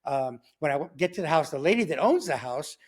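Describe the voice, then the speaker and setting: Man telling his story, casual slangy talk, fairly high voice, mimics gunshots. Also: brisk, husky. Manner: animated, slangy, acts out sounds like "boom" and "pow". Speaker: guest telling his testimony.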